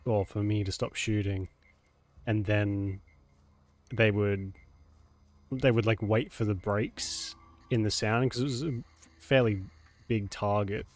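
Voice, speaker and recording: A man's voice: lowish voice, fairly even intonation, slow pace, long pauses, darkish tone. A man chatting casually while streaming a game live. He laughs often and keeps saying meow. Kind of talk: casual live gameplay chat.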